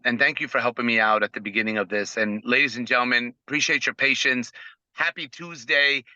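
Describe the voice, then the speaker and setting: A man's voice: medium pitch, sharp tone, clear, resonant tone, dry recording, lo-fi sound. A middle-aged man leading a team training on a video call, telling stories with energy and acting out the dialogue. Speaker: network marketing team trainer.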